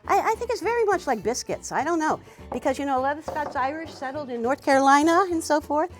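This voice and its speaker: A woman leads a cooking demonstration in a chatty, encouraging way, often saying "wee" and "you know". Her voice sits fairly high and swoops up and down a great deal, with soft music faint in the background. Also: expressive, fast. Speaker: cooking teacher and show host.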